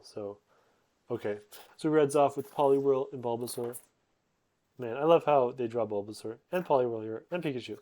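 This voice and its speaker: A man's voice: mid-range voice, normal speed, dark tone. A young man giving a rambling, sleep-aid summary full of fillers and self-corrections. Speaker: host.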